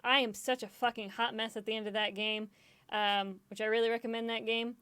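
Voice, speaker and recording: A woman's voice: fairly high pitch, little pitch movement, fairly quick, bright, forceful tone, clear, resonant tone, no room sound. A woman gaming streamer in casual chat, rambling, swearing often and laughing easily, self-deprecating and emotional.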